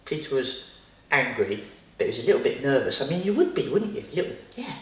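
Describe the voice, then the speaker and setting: Lively woman telling a bedtime story. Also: rumbling low, fast talker. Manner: lively, chatty asides to the child. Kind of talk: bedtime story told to a child. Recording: roomy, distant.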